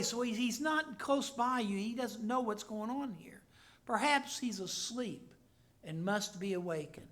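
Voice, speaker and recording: A man, a pastor, preaching a sermon and reading scripture aloud, swinging between loud declaring and hushed asides. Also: high-pitched, lively intonation, a little slow.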